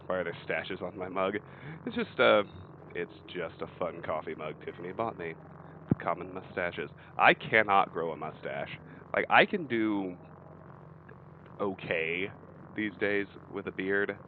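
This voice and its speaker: A man's voice: low-pitched, unhurried, phone-quality sound. A man in his thirties hosting a let's play, giving casual, wry and joking commentary as he plays. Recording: steady background hiss.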